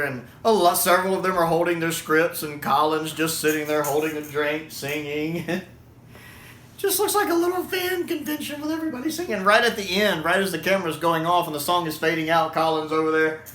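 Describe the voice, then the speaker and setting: A man's voice: a little high, fairly even intonation, moderate pace, sharp tone, a little hiss or hum. A man giving a casual spoken review of a video, chatty and laughing often between remarks. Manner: chatty, repeats himself, self-corrects. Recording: echoey room.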